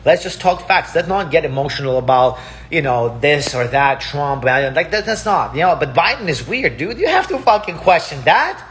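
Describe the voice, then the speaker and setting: A man's voice: a little high, big pitch swings, moderate pace, fairly bright tone, slight background noise. A man with Russian as his first language, giving a heated, profane casual monologue and repeating himself. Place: Palm Springs.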